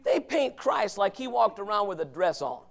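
A man preaching a fiery sermon from the pulpit, dropping to low murmurs and then rising to shouts. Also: big pitch swings, normal speed, vocal fry. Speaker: pastor.

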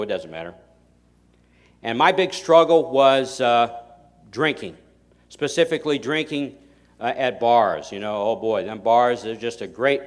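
Folksy emphatic male preacher. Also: medium pitch. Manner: folksy, emphatic, rising to loud stresses. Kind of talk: sermon.

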